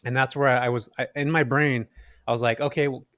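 A man in his thirties from Central Valley, California, a podcast guest telling his story in an animated way and acting out quoted lines. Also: medium pitch, a little fast, no echo. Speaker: guest, real estate investor.

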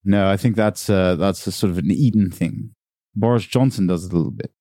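Laid-back Australian man with a dark voice. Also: low voice, fairly quick, dry recording, studio quality. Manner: playful, puts on posh voices in stories. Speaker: podcast guest. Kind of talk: casual chat.

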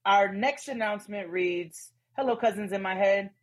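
A woman co-hosting a casual podcast, reading listener letters with lively, emphatic commentary. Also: mid-range voice, moderate pace, poor audio. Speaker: podcast co-host.

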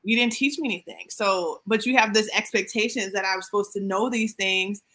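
A woman in her thirties co-hosting a podcast, chatting casually and animatedly with quick asides and playful mock voices. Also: mid-range voice, sharp tone. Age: 30s. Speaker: podcast co-host. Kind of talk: casual chat.

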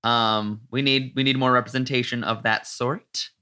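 Bright, forceful man chatting casually. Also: mid-range voice, fairly even intonation. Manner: swearing, joking, quick banter. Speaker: podcast host. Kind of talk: casual chat.

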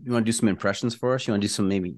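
A man's voice: fairly low pitch, racing, no echo, studio quality. A middle-aged man from Southern California, hosting a podcast and asking easygoing, conversational questions. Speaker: podcast host. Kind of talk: casual interview.

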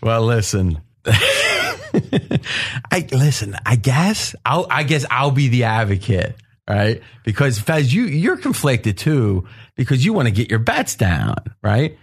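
A man hosting a betting podcast roundtable, telling stories in an animated way and laughing often. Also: medium pitch, measured pace, gravelly, husky. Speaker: podcast host. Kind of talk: casual roundtable talk.

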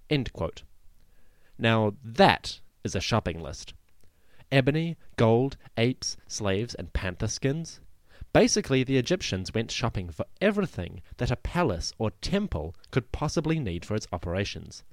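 A man hosting a history podcast, narrating from a script in a lively storytelling way with wry asides. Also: mid-range voice, measured pace, no room sound, clean studio sound.

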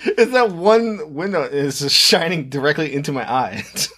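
Lively high-pitched joking man. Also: husky. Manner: joking, profane, quick to laugh. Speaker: podcast co-host. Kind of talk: casual chat. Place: basement. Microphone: on camera.

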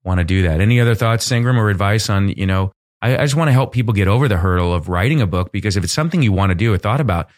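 A man's voice: fairly low pitch, expressive, racing, no room sound, clean studio sound. A man co-hosting a conversation, speaking in an easygoing, encouraging way with plenty of casual fillers. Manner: encouraging, easygoing, lots of "like" and "you know". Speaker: podcast co-host.

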